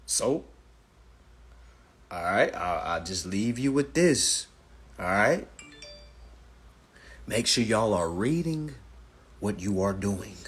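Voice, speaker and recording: Hosting a live stream, a man with a fairly low, husky voice tells stories and offers advice slowly, leaving long pauses. He is animated, casual and profane, and often calls his viewers family.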